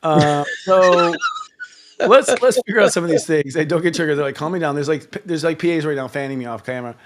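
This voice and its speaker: A man hosting a live talk show, ranting in an animated, profane way. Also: fairly high pitch, brisk. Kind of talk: casual chat.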